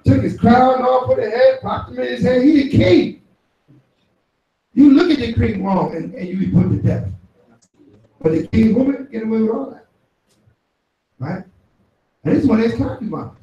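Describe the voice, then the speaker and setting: High-pitched male preacher, casual and playful, far off in an echoey hall. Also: moderate pace, pauses often, mellow, dull audio. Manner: loose, conversational, playful repetition. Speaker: teacher leading scripture study. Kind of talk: preaching commentary on scripture. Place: worship hall.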